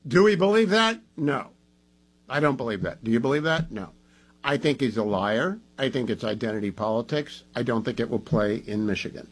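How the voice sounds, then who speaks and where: A man's voice: medium pitch, animated, moderate pace, slightly rough, rough recording. A man hosting a talk radio show, delivering an opinionated, emphatic monologue in a conversational way, groggy from medication.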